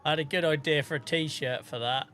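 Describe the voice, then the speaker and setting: A man's voice: fairly high pitch, steady tone, fairly quick, sharp tone, a little hiss or hum. A man live-streaming a farming game, chatting casually, swearing, and thanking viewers by name.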